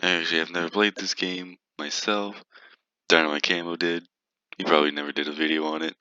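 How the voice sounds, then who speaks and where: A man's voice: sits low, flat delivery, brisk, pushed and bright, clear, resonant tone, no echo. A man giving playful, teasing gameplay commentary, giggling and humming to himself as he plays. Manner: teasing, giggly, mutters and hums while playing. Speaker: gaming video creator. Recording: dull lo-fi, dry.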